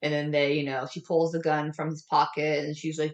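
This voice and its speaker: A woman's voice: deep voice, brisk, few pauses, roomy sound, far from the mic. A woman co-hosting a casual movie review podcast, acting out the characters' lines with big jumps in her voice. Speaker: podcast co-host.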